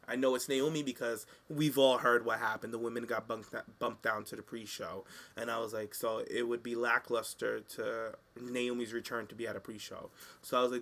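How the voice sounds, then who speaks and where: A man's voice: medium pitch, moderate pace. A man co-hosting a casual talk show, animatedly recapping wrestling matches and acting out what people said. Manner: animated, sassy, acts out quotes. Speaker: podcast co-host.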